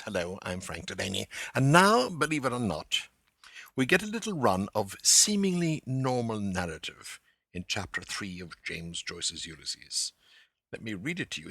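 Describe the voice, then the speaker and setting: A man hosting a literary lecture podcast, talking to the listener in an animated, theatrical way with playful asides. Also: mid-range voice, moderate pace, creaky, breathy edge, dry recording.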